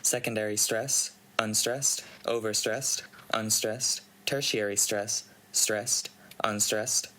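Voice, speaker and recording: A man hosting a channel, reading a conlang write-up aloud in a steady read-aloud delivery with dry asides. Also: lowish voice, slow pace, low-quality recording. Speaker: channel host reading a contest entry.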